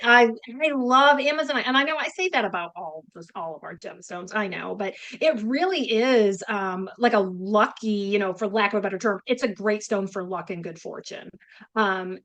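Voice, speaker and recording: A woman's voice: medium pitch, a bit bright. A woman from upstate New York with a Northern accent, co-hosting a rambling, chatty conversation. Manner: chatty, rambling, many restarts and fillers. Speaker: podcast co-host. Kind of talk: casual chat.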